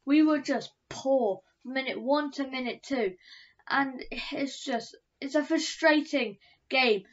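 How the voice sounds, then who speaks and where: A woman's voice: high voice, takes it slowly. A woman giving a fan's match review vlog, ranting in frustration and repeating herself. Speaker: football fan reviewer. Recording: dull lo-fi recording.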